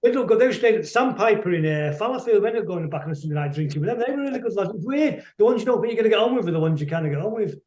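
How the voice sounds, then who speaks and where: A middle-aged man, a musician telling rambling, anecdotal stories as a guest on a video call, quick to laugh. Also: sits high, animated, a little mellow, reverberant. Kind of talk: casual storytelling interview.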